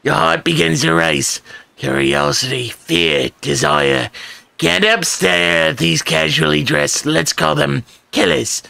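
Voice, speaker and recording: A man's voice: a little high, slow, gravelly, bright, forceful tone, dry recording. A man hosting a let's play, reading a game's narration aloud with wry, theatrical delivery and joking asides.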